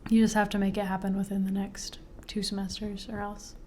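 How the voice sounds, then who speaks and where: A young woman in her twenties chats casually as a podcast co-host, mid-pitched and loose, dropping in "like" and quick laughs. There's a faint hiss of noise under her voice. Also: completely flat delivery, mellow. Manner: chatty, laughs often, many "like" fillers. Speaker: podcast co-host, grad student. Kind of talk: casual chat.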